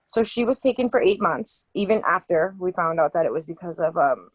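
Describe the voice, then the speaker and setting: A young woman from Massachusetts, a guest telling her story in an interview, halting and full of restarts. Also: fairly low pitch, expressive, dry recording, rough recording. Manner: halting, many fillers and restarts.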